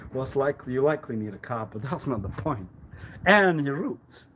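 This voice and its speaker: Slow, lecturing man on a live stream. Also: mid-range voice, animated, fairly bright tone, a little hiss or hum, poor audio. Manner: lecturing with repeated rhetorical questions; laughs often, repeats himself. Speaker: livestreamer. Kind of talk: rambling live-stream monologue.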